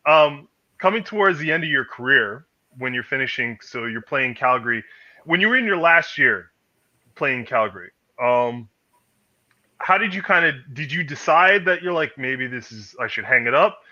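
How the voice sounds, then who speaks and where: A man's voice: mid-range voice, expressive, moderate pace, pushed and bright, muffled recording. A man hosting a casual podcast chat, telling stories animatedly, acting out quoted voices, swearing freely. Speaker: podcast host.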